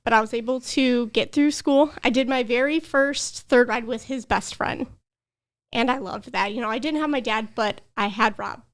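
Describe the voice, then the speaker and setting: A woman's voice: a little high, normal speed. A young adult woman, a podcast guest, earnestly telling a personal story with emotion. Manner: earnest, emotional, tearful at times.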